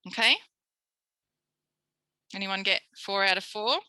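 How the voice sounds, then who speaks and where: An Australian woman, a speech pathologist, giving a recorded tutorial lecture in a lively way, acting out quoted voices. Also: medium pitch, slow pace, dry recording, rough recording. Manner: animated, acts out quoted voices.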